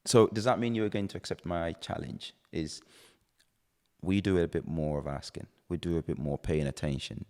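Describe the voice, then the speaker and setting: A man's voice: low-pitched, moderate pace, a little mellow. A man hosting a podcast, talking in an earnest, reflective way. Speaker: podcast host. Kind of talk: casual chat. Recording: reverberant room.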